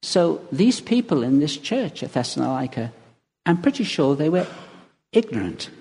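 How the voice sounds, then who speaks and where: Gravelly preacher in a reverberant hall. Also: male voice, on the high side, normal speed. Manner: lively anecdotal preaching with chuckles. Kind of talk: sermon. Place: church. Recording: long reverb of a large hall.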